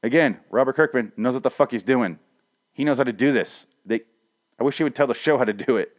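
A man's voice: mid-range voice, fairly quick. A man giving a casual solo review, rambling and profane, with frequent restarts. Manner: swings from ranting to mumbling self-deprecation. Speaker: comic and TV reviewer.

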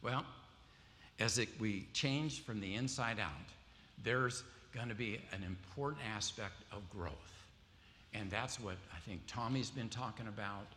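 A man's voice: on the low side, measured pace, pushed and bright, slight background noise. Man preaching in a reverberant hall. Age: adult with wife and kids. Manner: storytelling, quizzing the audience with questions. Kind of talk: sermon to a congregation. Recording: long hall reverb, faint ambience.

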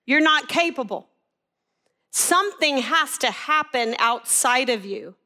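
Lady teaching scripture, high bright voice, gets excited and laughs. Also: unhurried. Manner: animated, laughs at herself, rising to high excited pitch. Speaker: bible teacher. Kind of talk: devotional bible teaching.

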